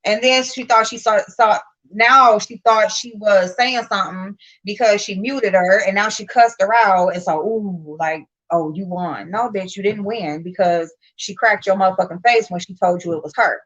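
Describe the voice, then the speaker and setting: A woman hosting a livestream, telling a story in blunt, profane, animated casual talk. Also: mid-range voice, moderate pace. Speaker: livestream host. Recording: muffled lo-fi stream audio.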